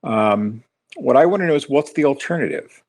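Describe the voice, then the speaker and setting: A man co-hosting a political podcast, talking in a measured, hesitant way with frequent ums and sardonic asides. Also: mid-range voice, animated, darkish tone, dry recording. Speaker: podcast co-host and writer. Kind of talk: casual political discussion.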